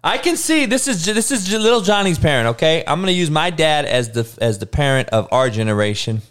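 A man's voice: a little high, fairly quick, smooth. A man who coaches youth, ranting comically in a profane, emphatic way. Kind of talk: comedic rant.

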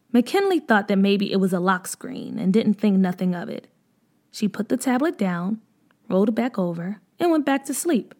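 Gentle woman reading a storybook. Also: fairly high pitch. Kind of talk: storybook narration.

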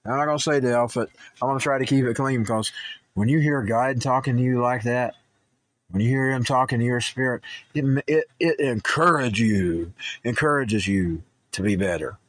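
A man's voice: mid-range voice, moderate pace, no echo. A man who hosts a political talk show, rambling through personal stories and news commentary, stumbling and restarting, and growing heated.

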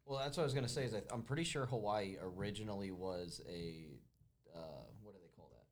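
A man's voice: fairly low pitch, fast, slight background noise. A man in casual chat, hesitantly searching for words as he makes his point.

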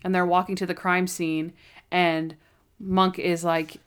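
A woman co-hosting a casual podcast chat, recapping an episode and acting out quotes in lively voices. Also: lowish voice, a little slow, smooth. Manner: animated, acts out quotes in varied voices. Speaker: podcast co-host.

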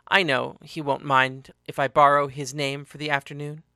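A man voicing a cold, ruthless young woman fighter in a read-aloud story, speaking low and controlled. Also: flat delivery, moderate pace, bright, forceful tone, smooth, dry recording, studio quality. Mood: mocking.

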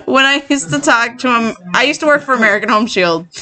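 Woman on a podcast, cussing and laughing, bright kinda high voice. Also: animated, brisk, a little hiss or hum. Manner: profane, giggly, trailing off. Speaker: podcast co-host. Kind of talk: casual podcast chat.

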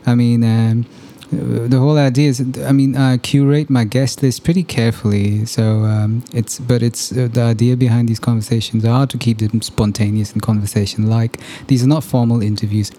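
A man hosting a podcast conversation, reflective and measured, with frequent pauses and fillers. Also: medium pitch, steady tone, warm tone. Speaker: podcast host. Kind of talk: casual conversation.

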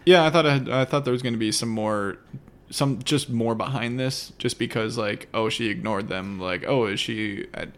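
A man's voice: medium pitch, normal speed. A man co-hosting a podcast, adding dry, wry comments on a movie. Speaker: podcast co-host. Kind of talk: casual movie review chat.

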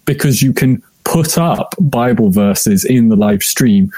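British male guest, mellow voice, measured and hesitant. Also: mid-range voice, animated, dry recording. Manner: thoughtful, hesitant with many fillers. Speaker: podcast guest. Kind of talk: casual podcast discussion.

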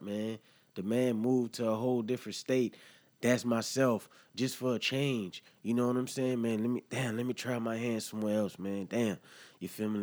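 Heated low-voiced man ranting on a podcast. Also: darkish tone. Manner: heated, earnest, peppered with "man" and profanity. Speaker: podcast host. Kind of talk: emotional solo podcast monologue.

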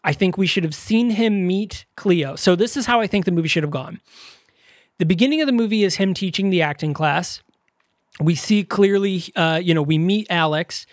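A man's voice: sits high, moderate pace, dry recording, studio quality. A man co-hosting a podcast, reviewing a movie in casual chat and rambling with lots of fillers. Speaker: podcast co-host.

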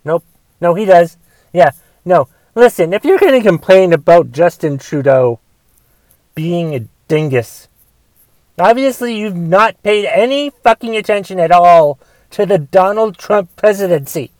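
A man from the United States hosting a casual podcast, his voice sitting a little high for a man. He rants with constant swearing, drifting between low muttered asides and loud, heated tirades. The sound is close and dry, with no room echo. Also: expressive, unhurried. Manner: profane, swings from mumbled asides to loud angry ranting. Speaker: podcast host.

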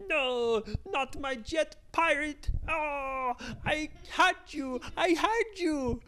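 A woman voicing a stubborn, boastful villain jet pilot in a bedtime story, with loud, high, dramatic wails. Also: animated, slow pace, slight background noise, full character voice. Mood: sore loser.

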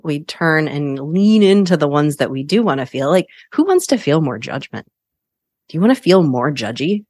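A woman's voice: low-pitched, dry recording, studio quality. A woman hosting a solo podcast as a coach, talking in a chatty, upbeat way and laughing often.

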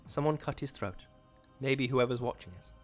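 A man voicing a grim, steady husband who gives quiet, firm orders. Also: medium pitch, moderate pace, faint music behind, lightly acted.

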